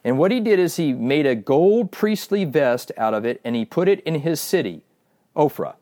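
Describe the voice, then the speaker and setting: Animated male preacher telling a Bible story. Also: a little high. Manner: animated storytelling, slows for emphasis, addresses listeners directly. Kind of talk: sermon retelling a Bible story.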